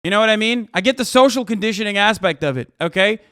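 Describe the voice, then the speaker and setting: A man livestreaming, ranting angrily and profanely at his chat and often shouting. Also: high-pitched, animated, quick pace, smooth, no room sound, clean studio sound.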